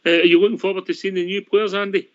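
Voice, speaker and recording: A man's voice: high-pitched, little pitch movement, racing. A Scottish man hosting a football phone-in show, jokey and teasing his callers. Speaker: host. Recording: dull lo-fi line.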